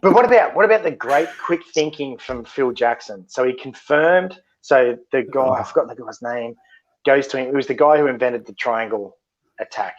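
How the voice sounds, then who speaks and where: A man co-hosting a casual podcast, blunt and sweary, telling stories with animated delivery. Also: mid-range voice, normal speed, dull audio. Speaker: podcast co-host.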